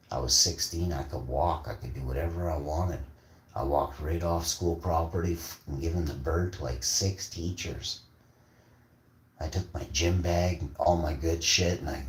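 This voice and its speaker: A man's voice: low-pitched, darkish tone. A man telling rambling, profane, boastful stories in a casual rant. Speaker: vlogger. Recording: echoey room, faint background noise.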